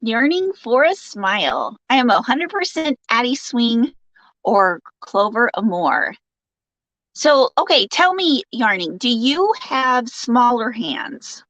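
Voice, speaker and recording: A woman's voice: on the high side, sing-song, takes it slowly, fairly bright tone, dry recording, rough recording. A woman hosting a casual live stream, reading out viewer comments, joking and laughing often and turning sympathetic when someone shares bad news. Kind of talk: casual chat.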